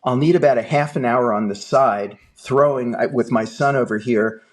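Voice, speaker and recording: An older man spins a long story as a podcast guest, bringing each character to life as he quotes them. He talks in a plain, mid-pitched voice and builds the tale with relish. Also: normal speed. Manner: lively anecdotal storyteller, acts out dialogue. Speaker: guest, film producer. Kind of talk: animated storytelling.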